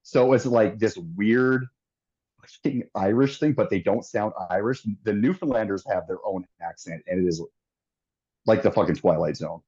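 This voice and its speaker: A man's voice: fairly low pitch, normal speed, a little mellow, slightly rough, highs cut off. A man with a Canadian accent, a guest on a podcast, talking in a laid-back way, laughing easily and swearing. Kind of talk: casual chat.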